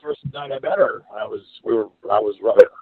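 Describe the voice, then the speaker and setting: A man's voice: on the low side, fast talker, dry recording. A man casually telling a rambling, profane story and acting out the quoted voices of the people in it. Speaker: podcast guest telling a story. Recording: dry phone-like sound.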